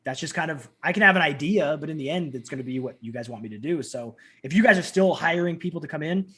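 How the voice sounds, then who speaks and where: A man in his thirties, a guest telling stories in a casual interview, animated and acting out quoted lines. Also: quick pace, a little hiss or hum. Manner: animated, acts out quotes with big pitch jumps.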